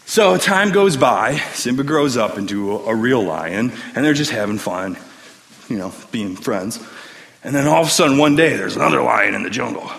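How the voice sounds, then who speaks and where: Animated man retelling a story. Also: mid-range voice, moderate pace, creaky. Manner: animated, chatty. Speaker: storyteller in a service. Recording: long hall reverb, faint noise.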